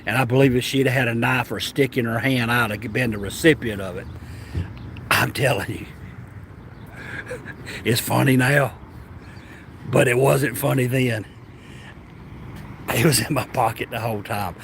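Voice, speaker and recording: A man's voice: medium pitch, normal speed, gravelly, pauses often, slight background noise. Rambling Southern man telling a story. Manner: animated, rambling, stammering restarts. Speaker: travel vlogger. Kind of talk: casual storytelling.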